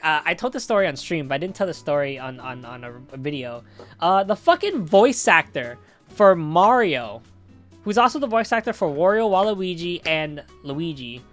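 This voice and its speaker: A man streaming a game, telling a story in a loud, rambling, excitable way with swearing. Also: sits high. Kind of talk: casual storytelling while playing a game.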